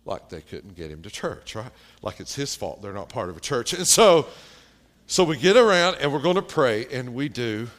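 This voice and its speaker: A man preaching a sermon, telling a personal story in a slow, plain-spoken way with pauses and fillers. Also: medium pitch, big pitch swings, a bit bright.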